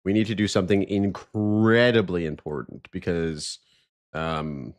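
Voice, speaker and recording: A man's voice: sits low, fairly even intonation, unhurried. A man hosting a live stream, chatting casually, greeting viewers and joking.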